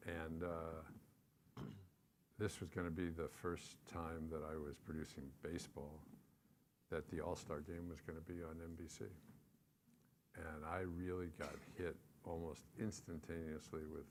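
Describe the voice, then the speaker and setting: An older man in his seventies telling stories as a guest on stage, relaxed and anecdotal with many fillers. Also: rumbling low, measured pace, noisy background. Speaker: guest, television executive. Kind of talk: storytelling on stage. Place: stage before a live audience.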